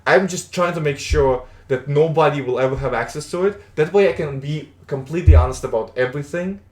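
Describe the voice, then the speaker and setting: A man's voice: a little high, fairly quick, reverberant. A man streaming in a casual, rambling chat, stumbling and repeating words, with the odd swear.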